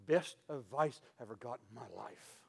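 A man preaching a sermon as pastor, telling stories and swinging from loud to quiet. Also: medium pitch, moderate pace, gravelly, breathy edge.

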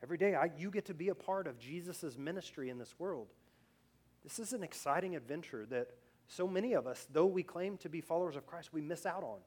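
A man's voice: on the high side, lively intonation, brisk. Man preaching, conversational sermon. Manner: conversational preaching with frequent restarts and rising, louder emphasis. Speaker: pastor.

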